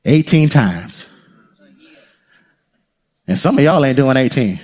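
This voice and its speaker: A man preaching a sermon as pastor, playful and lively, laughing often and talking straight to the congregation. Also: medium pitch, takes it slowly, husky.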